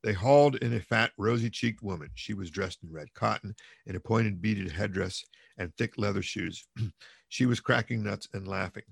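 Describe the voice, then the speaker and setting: Brief: low, rough-edged male narrator, dry close recording, steady storytelling. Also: no room sound. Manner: measured, expressive reading. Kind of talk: audiobook reading of a classic novel.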